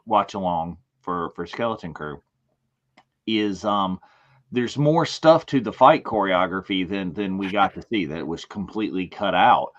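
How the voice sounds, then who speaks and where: Rambling, animated man on a podcast. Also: deep voice, measured pace, dull audio. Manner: animated, rambling with many restarts and laughs. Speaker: podcast co-host. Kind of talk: casual panel discussion.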